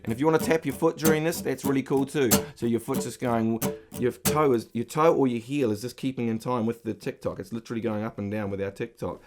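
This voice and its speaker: A man's voice: mid-range voice, quick pace. A middle-aged man giving a guitar lesson, patiently explaining and counting the beats aloud as he strums. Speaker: guitar teacher. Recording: loud guitar strumming under the voice. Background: acoustic guitar being strummed.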